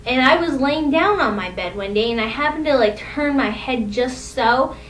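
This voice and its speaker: A young woman vlogger with lively intonation and a slightly bright voice talks at normal speed, telling rambling, self-deprecating stories from her own life. The recording comes from an echoey room with a distant mic and a faint rumble.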